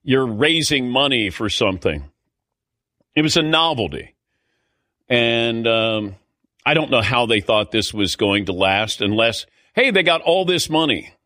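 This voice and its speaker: A man's voice: mid-range voice, lively intonation, a little slow, pushed and bright, dry recording, clean studio sound. A middle-aged man hosting a sports talk show, telling a rambling, indignant, self-mocking story in a casual way. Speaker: sports radio host.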